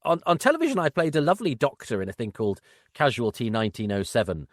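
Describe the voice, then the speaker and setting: A man's voice: medium pitch, wildly swooping pitch, quick pace, dry recording, studio quality. A middle-aged man, an actor and podcast guest, telling anecdotes in a wry, self-deprecating way.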